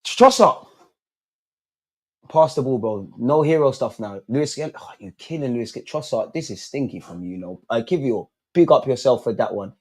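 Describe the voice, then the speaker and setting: A man's voice: mid-range voice, lively intonation, brisk, few pauses, warm tone, breathy edge. A young man doing a live football watch-along, swearing, pleading with the players and throwing in lots of slang. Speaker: football fan streamer.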